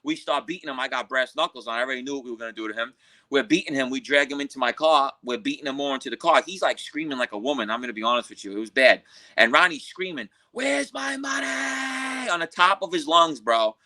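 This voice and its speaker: A man from Queens, telling a story as a podcast guest in a profane, animated way and acting out what others said. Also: medium pitch, fast talker. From Queens, New York. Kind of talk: casual storytelling.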